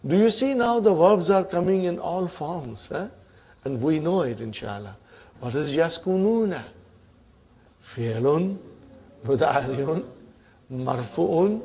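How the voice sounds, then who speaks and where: A man's voice: fairly high pitch, gravelly, a little mellow, slightly rough. A man teaching a grammar class, quizzing students with frequent "huh?" prompts and repeating their answers. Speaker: Arabic teacher.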